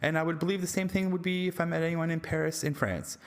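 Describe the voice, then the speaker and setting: A man's voice: fairly high pitch, fairly even intonation, fast talker. A man reviewing a movie in a casual vlog, rambling, slangy and jokey. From Canada.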